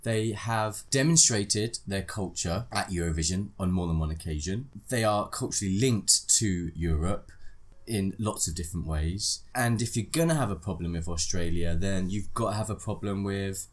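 Blunt, low-voiced male podcast co-host. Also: normal speed. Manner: blunt, opinionated. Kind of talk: casual chat.

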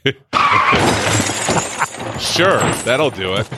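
Deep-voiced sarcastic man chatting casually. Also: expressive, moderate pace, heavy background noise. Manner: sarcastic, joking, laughs often. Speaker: podcast co-host. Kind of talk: casual chat.

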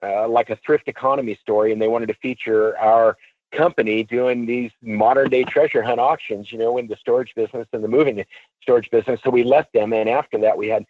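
A man, an auctioneer, telling a long anecdote in a radio interview, casual and animated, and he acts out what people said. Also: mid-range voice, brisk, dry recording, phone-quality sound. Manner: animated storyteller, acts out quotes; casual, swears freely. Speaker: auctioneer guest. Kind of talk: storytelling interview.

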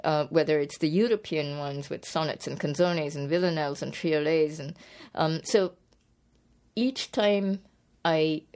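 A woman's voice: low voice, a little slow, darkish tone. A woman poet being interviewed about her book, speaking thoughtfully with frequent restarts and fillers. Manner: hesitant, many restarts and fillers, laughs easily. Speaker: poet and author, interview guest.

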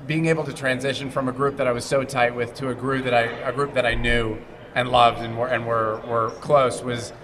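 A middle-aged man from Montreal, an actor being interviewed at a convention, who talks in casual animated stories, restarts his sentences and acts out the quotes. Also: mid-range voice, a little fast, a crowd in the background. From Montreal, Canada. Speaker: actor guest. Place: convention hall.

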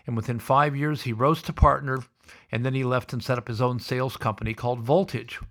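A male host spinning a story at a brisk, chatty clip, his voice jumping up in pitch whenever he plays the people in it. The pitch sits in an ordinary middle register. The delivery is animated and conversational. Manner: acts out the people he quotes with lively pitch jumps. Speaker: podcast host.

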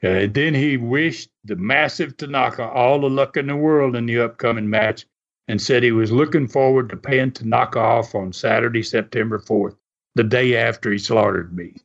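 A man's voice: medium pitch, normal speed. Older man chuckling through wrestling stories. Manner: chuckling, anecdotal, folksy. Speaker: former pro wrestler. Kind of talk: storytelling interview. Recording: muffled recording.

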